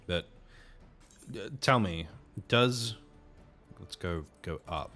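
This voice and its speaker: A man's voice: deep voice, slow, pauses often, fairly bright tone, soft background music. A man casually commenting while he plays a game, chatty and self-interrupting. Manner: chatty, self-interrupting, playful about accents. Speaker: game streamer.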